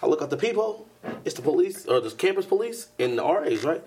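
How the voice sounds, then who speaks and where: A young man on a podcast telling a story in casual chat, acting out the dialogue with sudden jumps into a louder, higher voice. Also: fast, very noisy. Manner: animated storyteller who acts out dialogue in bursts of louder, higher voice. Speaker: podcast co-host.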